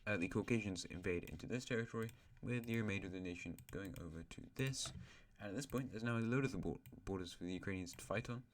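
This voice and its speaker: A man's voice: on the low side, quick pace, few pauses, slight background noise. A male host casually narrating an alternate-history map, rambling with asides and correcting himself.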